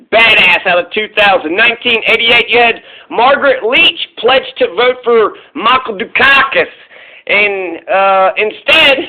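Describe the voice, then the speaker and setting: A man hosting a casual, rambling history rant, profane and emphatic, with lots of asides and restarts. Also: sits high. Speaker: political channel host. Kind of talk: casual ranting history monologue. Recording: tinny phone-like sound.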